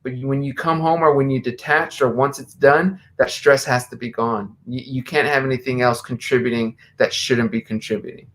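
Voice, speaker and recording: A man's voice: medium pitch, fairly even intonation, fairly quick, hardly any pauses, fairly bright tone. An American man hosting a casual live video chat, talking conversationally and reading quotes aloud. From USA. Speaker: host.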